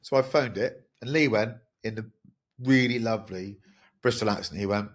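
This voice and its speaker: Wry, rambling man, lowish voice. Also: normal speed. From England. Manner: candid, rambling, wry and self-deprecating. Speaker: podcast host. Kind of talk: casual podcast monologue.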